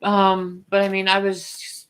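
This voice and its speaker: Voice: medium pitch, completely flat delivery, takes it slowly, a bit bright, clear, resonant tone. An author hosting a casual book livestream, thinking aloud with restarts and firm opinions.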